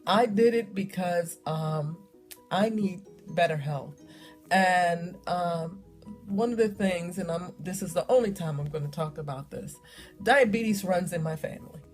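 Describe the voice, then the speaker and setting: A middle-aged woman talks straight to her viewers in a relaxed, storytelling way. She leans on emphatic repeats and scatters ums between thoughts. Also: lowish voice, unhurried, faint music behind. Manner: chatty, storytelling, emphatic repetition, frequent ums. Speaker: vlogger. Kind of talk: casual talk to camera.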